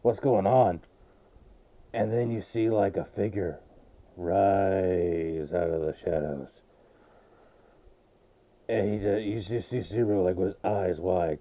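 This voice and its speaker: A man vlogging a casual, rambling and excitable recap of an anime episode, with a gravelly voice. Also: sits low.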